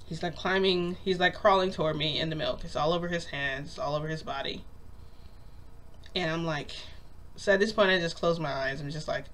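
A woman vlogger telling a long story in a casual, rambling way, full of "like" and acted-out quotes. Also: deep voice. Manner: rambling, lots of "like", acts out quotes.

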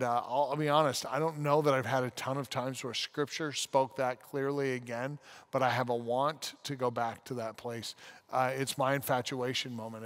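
A man's voice: medium pitch, a bit bright. A man in his forties, a pastor, telling a personal story in a casual podcast conversation, acting out the scenes as he goes. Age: 40s.

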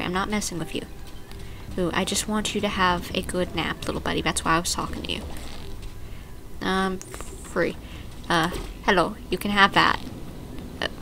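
A woman's voice: mid-range voice, animated, moderate pace, pauses often, bright, forceful tone, a little hiss or hum. A young woman playfully commenting on a video game as she plays, reading the on-screen text aloud. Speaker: let's play gamer. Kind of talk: casual gameplay commentary.

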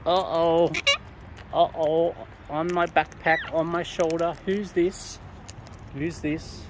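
A woman's voice: fairly low pitch, level tone, slow, noisy background. An Australian woman outdoors, chatting playfully and affectionately to wild birds she is feeding. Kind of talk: casual chat to birds.

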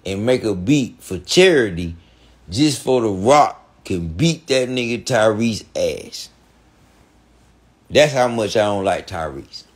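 A man telling a heated, profane story on a podcast, repeating himself and breaking into animated outbursts. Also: lowish voice, husky. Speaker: podcast guest.

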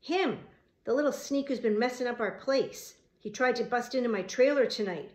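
A woman reading the part of a gruff, angry male construction foreman in an audiobook, loud and blustering. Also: on the high side, normal speed, echoey room, lightly acted.

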